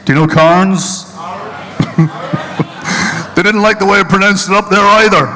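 Irish stand-up man, mid-life, bright and forceful delivery, a little higher pitch, hall echo. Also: normal speed, a little hiss or hum. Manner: punchy, mocking storyteller. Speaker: stand-up comedian. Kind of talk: live stand-up comedy. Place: stage at a charity event hall.

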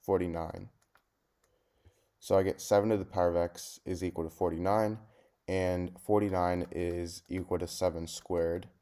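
A man's voice: deep voice, level tone, normal speed, warm tone. A man teaching a math lesson, talking through each step in a plain, methodical way. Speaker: math tutor.

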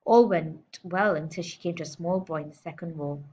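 A woman teacher reading a storybook aloud to children in a lively, expressive way. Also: fairly low pitch, normal speed, husky. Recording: dull lo-fi recording.

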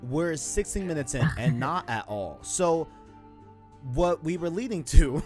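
Slangy excitable man on a podcast. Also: on the high side, unhurried, faint music behind. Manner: slangy and excitable, says "you know what I'm saying" often. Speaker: podcast co-host. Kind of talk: casual gaming podcast chat.

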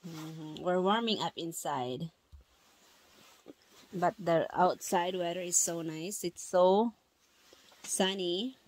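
A woman chatting softly and playfully with her young child during a family vlog in an ice fishing tent. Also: fairly low pitch, takes it slowly, long pauses. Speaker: vlogger, mother. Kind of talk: casual family vlog chat.

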